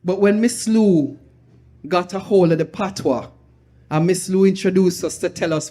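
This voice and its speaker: A woman's voice: on the low side, moderate pace. A woman with a Jamaican accent hosting a live storytelling night, telling anecdotes with laughter and slipping into patois. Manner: lively, laughing, switches into patois. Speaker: event host. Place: live event venue with audience.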